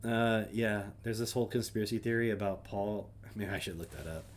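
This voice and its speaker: A man's voice: lowish voice, brisk, a little hiss or hum. A man hosting a casual solo stream, reading names aloud and adding wry, offhand asides. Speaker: streamer host.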